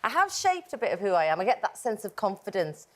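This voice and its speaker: A woman's voice: medium pitch, sing-song, fast talker. A woman from Liverpool with a Scouse accent, chatting casually on a talk show panel and acting out quoted voices. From Liverpool, England. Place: television studio.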